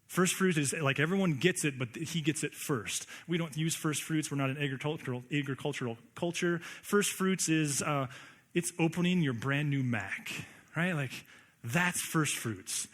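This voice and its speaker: A man with a somewhat higher voice delivers a sermon in an easygoing, conversational way. He keeps asking the congregation rhetorical questions and hammers his points home with emphatic repetition. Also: normal speed. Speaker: pastor.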